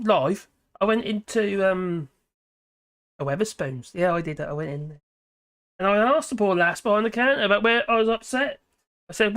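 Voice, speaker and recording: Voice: medium pitch, fairly bright tone. A live-stream host, chatting casually and reacting to viewer comments in a scattered, talkative way.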